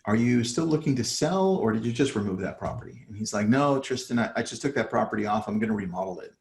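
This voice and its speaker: A man's voice: lowish voice, lively intonation, fast, darkish tone, reverberant. A man coaching real estate agents in a casual live talk, acting out his phone calls with sellers. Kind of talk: live online training talk.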